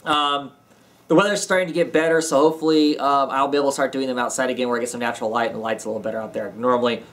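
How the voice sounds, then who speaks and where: Male vlogger, mid-pitched, tired and yawning, rambling casual comic review recorded at home. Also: fairly even intonation, racing. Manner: rambling, many ums and restarts. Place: home basement.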